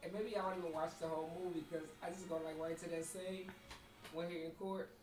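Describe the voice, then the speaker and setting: A man hosting a podcast, chatting casually in loose, slangy banter and animated storytelling. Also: on the high side, quick pace, noisy background. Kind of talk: casual chat. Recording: roomy echo.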